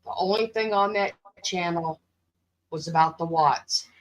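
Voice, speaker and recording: A woman in a casual chat, calmly pointing things out on a shared screen. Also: lowish voice, measured pace, rough recording. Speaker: chat participant sharing her screen.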